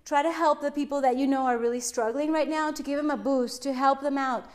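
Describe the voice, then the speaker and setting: A woman's voice: high-pitched, fairly even intonation, a little fast. A woman hosting her own podcast, talking alone in an upbeat, motivational and emphatic way. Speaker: podcast host. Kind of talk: solo podcast monologue.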